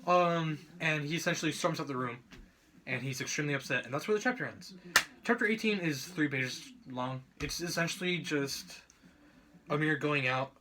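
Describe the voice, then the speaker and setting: A young man talks through a book chapter like a student presenter, in a casual, meandering way. His voice sits a little high and sounds bright and forceful. He keeps correcting himself and filling gaps with fillers. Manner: rambling, filler-heavy, self-correcting.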